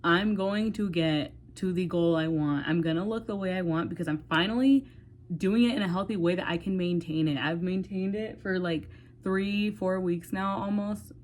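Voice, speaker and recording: A woman's voice: on the low side, normal speed, darkish tone. A woman in her twenties talking candidly to her phone in a rambling, casual vlog, swearing freely and saying "like" often. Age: 20s. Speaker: vlogger. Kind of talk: casual talk to camera.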